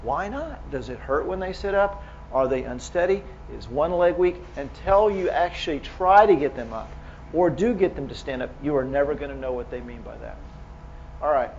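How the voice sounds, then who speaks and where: A man with a fairly high speaking voice lectures a hall of clinicians. He talks casually and keeps throwing rhetorical questions at the audience. The recording is dull and lo-fi, with faint hiss underneath. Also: animated, normal speed, darkish tone. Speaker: medical lecturer.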